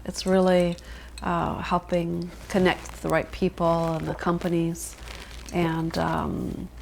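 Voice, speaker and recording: A woman interviewer asking measured, searching questions in an oral history interview. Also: fairly low pitch, a little mellow, a little hiss or hum, low-quality recording.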